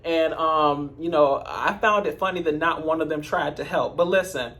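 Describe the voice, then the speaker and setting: A man's voice: fairly high pitch, moderate pace, bright, forceful tone. A man giving casual recap commentary on a TV episode, chatty, with sassy asides to his viewers. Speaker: TV episode reviewer.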